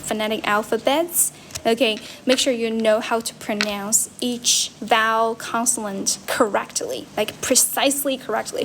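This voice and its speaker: There's a slight hiss or hum as a chatty young woman from China livestreams from a friend's home, answering comments. A host and English teacher with a somewhat high voice, she alternates between Mandarin and English and keeps repeating and correcting herself.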